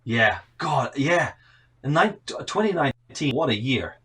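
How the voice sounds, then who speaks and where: In a husky, sing-song, unhurried mid-range voice with a touch of brightness, a thirtysomething man from South Africa rambles through self-deprecating stories as a podcast guest in a casual remote-call chat. His accent combines South African with Northern Irish.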